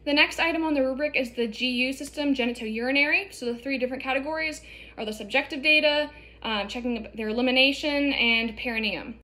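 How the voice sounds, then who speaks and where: A woman's voice: high voice, a little fast, pushed and bright. Casual woman teaching a nursing demonstration. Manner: casual, explanatory, many fillers. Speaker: nursing instructor. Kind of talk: demonstration lesson.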